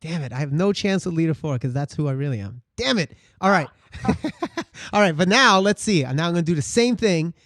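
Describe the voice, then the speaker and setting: A man with a Brooklyn accent hosting a casual interview, excitable and playful. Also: on the high side, normal speed, no room sound, studio quality. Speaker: podcast host.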